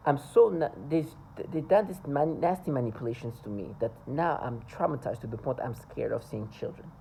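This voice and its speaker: A woman with a low, warm, mellow voice speaks to camera in a personal vlog. She is earnest and insistent, stumbling often as she repeats words and restarts her sentences. A faint hum of noise sits under her voice. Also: low-quality recording. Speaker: vlogger.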